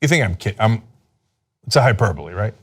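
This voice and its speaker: A man's voice: brisk, husky. A man giving sarcastic political commentary, mocking and exasperated, firing off rhetorical questions. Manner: mocking, exasperated, reads quotes aloud; rhetorical questions, lively pitch swings.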